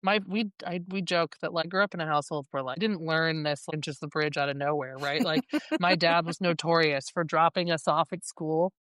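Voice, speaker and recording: Brief: lively woman in her forties, lowish smooth voice, dry close mic. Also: brisk, few pauses, no echo. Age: 40s. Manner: animated storyteller, many "like"s. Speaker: parenting coach guest. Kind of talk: casual interview chat.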